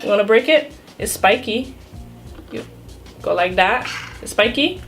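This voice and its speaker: A woman's voice: on the high side, expressive, measured pace, soft background music. A woman hosting a casual mukbang food vlog, coaxing and teasing a young child in a playful way. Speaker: mukbang channel host.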